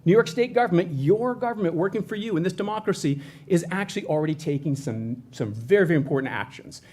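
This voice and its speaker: A man's voice: fairly high pitch, animated, fast talker, a little mellow. A man presenting for a state environmental agency, talking in a conversational way with frequent restarts and self-corrections. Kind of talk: educational presentation.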